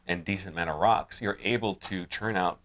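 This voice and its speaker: A man's voice: low-pitched, a bit bright. A man co-hosting a casual chat, explaining points with frequent stumbles and restarts. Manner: halting, stumbles over restarts while explaining. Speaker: podcast co-host.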